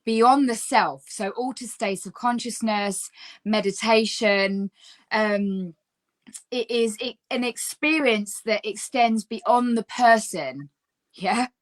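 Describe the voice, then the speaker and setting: A woman, a guest telling her life story in a casual, lively chat full of fillers. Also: fairly high pitch, slow.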